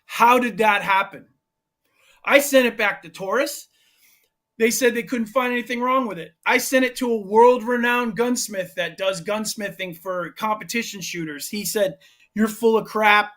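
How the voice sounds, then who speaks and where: High-voiced man telling a rambling story. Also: normal speed. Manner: animated, rambling anecdote with restarts. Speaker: gun shop owner and firearms instructor. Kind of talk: casual storytelling in a podcast interview.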